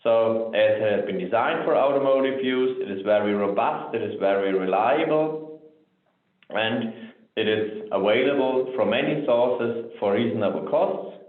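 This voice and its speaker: Man presenting a webinar over a tinny line. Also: mid-range voice. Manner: measured, frequent "so" and "um" fillers. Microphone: remote webinar audio. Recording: tinny phone-like line, roomy echo.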